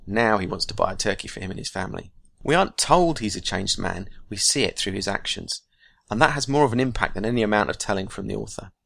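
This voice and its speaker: A man hosting a writing podcast, explaining craft in a measured, scripted teaching monologue. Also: lowish voice, gravelly, bright, forceful tone, dry recording.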